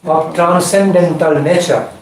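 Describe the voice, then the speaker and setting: A man teaching a scripture class, explaining points in measured, repeated phrases and chanting Sanskrit verses. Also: a little high, fairly even intonation. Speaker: spiritual teacher. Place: indoor class room. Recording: echoey room, distant mic, faint noise.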